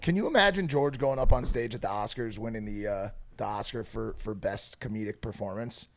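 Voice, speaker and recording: A man's voice: lowish voice, fairly quick, gravelly, slight background noise. A young man co-hosting a podcast, teasing and bantering with a laugh in casual chat. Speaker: podcast co-host.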